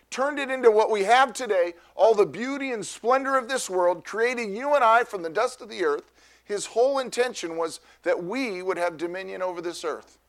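A man's voice: high voice, a bit bright. A middle-aged man preaching as a pastor in a rambling, conversational way, acting out the people he quotes. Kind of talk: sermon.

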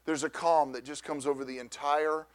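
A middle-aged man preaches, his voice sitting high for a man. He tells a personal story loudly and with animation, often restarting his sentences as he goes. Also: little pitch movement, normal speed. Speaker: pastor. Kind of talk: storytelling sermon.

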